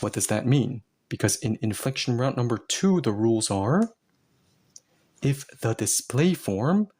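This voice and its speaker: A man's voice: mid-range voice, darkish tone, slightly rough. A man teaching Korean grammar to learners, explaining each step patiently and with a playful touch.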